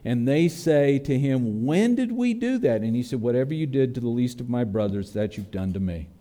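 A man's voice: medium pitch, lively intonation, normal speed, dark tone. A man preaching a sermon as pastor, earnest and building to emphatic peaks.

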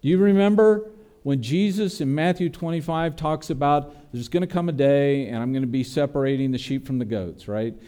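A man's voice: a little high, normal speed, warm tone, clean tone. A man preaching a sermon as pastor, earnest and building to emphatic peaks.

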